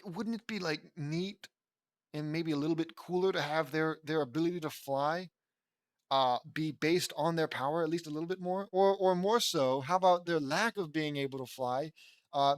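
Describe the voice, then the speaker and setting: A man's voice: fairly high pitch, no room sound. Rambling dry-voiced male fanfic reader. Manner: rambling, lots of fillers and restarts. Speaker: audiobook reader of fan fiction. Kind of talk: reading aloud with rambling commentary.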